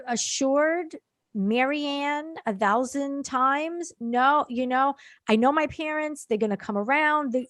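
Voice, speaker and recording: A woman's voice: sits high, fairly bright tone, no echo. Woman co-host with a dry, close sound. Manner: agreeable, frequent affirming interjections. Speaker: podcast co-host. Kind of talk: casual recap chat.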